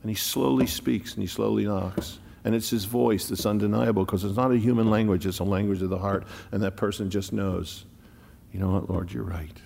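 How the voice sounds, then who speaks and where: A man preaches with a low, gravelly voice that rings in a long church reverb. He climbs to loud declarations, then drops to hushed, slow, almost whispered phrases, leaning on single words. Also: fairly even intonation. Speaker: pastor. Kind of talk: sermon.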